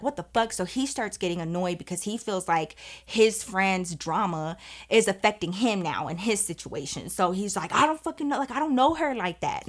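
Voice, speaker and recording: A woman vlogger telling a dramatic personal story in casual, profane, animated speech. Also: mid-range voice. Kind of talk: storytime vlog, casual chat.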